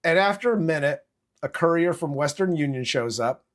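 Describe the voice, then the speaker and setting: Man, podcast host, slightly high voice, casual and profane. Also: moderate pace. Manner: profane, animated retelling with acted quotes. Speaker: movie review podcast host. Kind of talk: casual chat.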